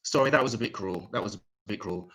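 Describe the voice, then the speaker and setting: A man doing a stand-up comedy set online, delivering crude, deadpan one-liners. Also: on the low side, fast, slightly rough, low-quality recording. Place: home, online comedy show.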